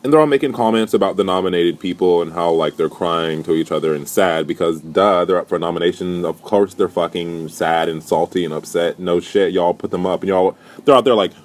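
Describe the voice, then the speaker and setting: A young man recapping a reality show in a casual, profane, animated rant. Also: low-pitched, a little fast. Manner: profane, animated, indignant storytelling.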